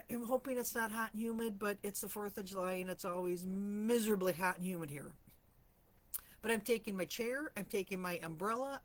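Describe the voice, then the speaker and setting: A woman hosting a casual live chat, telling stories in a chatty way, clearing her throat often, her morning voice slightly rusty. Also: mid-range voice. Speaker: host of a live stream for empaths.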